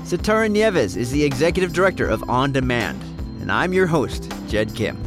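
A man hosts a children's podcast about money with a bouncy, animated delivery. His voice moves around a lot in pitch. Music plays underneath him. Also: moderate pace. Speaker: podcast host. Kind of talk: upbeat kids' podcast hosting.

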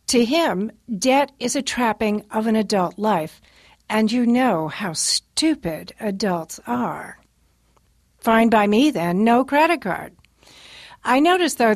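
Casting: middle-aged woman columnist, slightly high voice, dry close sound, wry radio commentary. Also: dry recording. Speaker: personal finance columnist.

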